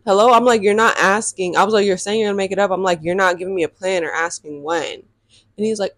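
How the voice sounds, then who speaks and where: A young woman telling a dating story in a casual storytime vlog, sassy and animated and laughing often. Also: mid-range voice, brisk, no echo, clean studio sound.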